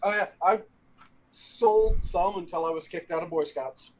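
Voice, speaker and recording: A man's voice: sits high, measured pace, low-quality recording. A man chatting casually on a podcast, blunt and profane, teasing the others. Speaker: podcast co-host. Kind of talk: casual crude banter.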